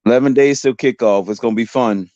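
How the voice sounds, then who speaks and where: Loud, mellow man on a muffled line. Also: mid-range voice, quick pace, no echo. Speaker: podcast guest. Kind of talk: casual podcast chat.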